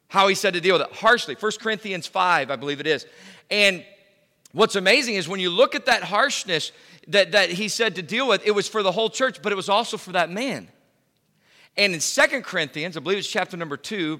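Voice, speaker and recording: A middle-aged man preaching a sermon as pastor, emphatic, swinging from loud to hushed. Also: sits high, long reverb tail. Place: church.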